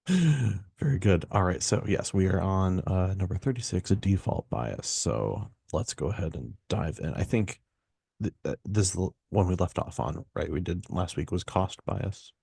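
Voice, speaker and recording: A man's voice: sits low, animated, a little slow, creaky, warm tone, husky, no echo. A man hosting a casual podcast, joking around in a laid-back way and swearing casually. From Southern California. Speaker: podcast host.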